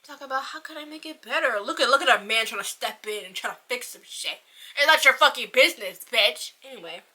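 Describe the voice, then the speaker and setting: A woman giving a casual, profane, rambling book review in an animated ranting manner. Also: a little high, a little fast.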